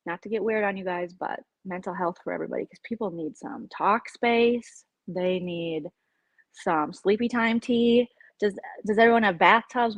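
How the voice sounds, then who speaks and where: Chatty opinionated woman, husky voice. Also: fairly low pitch, no room sound. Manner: chatty, opinionated, animated quoting. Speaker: vlogger on a livestream. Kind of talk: casual live chat with viewers.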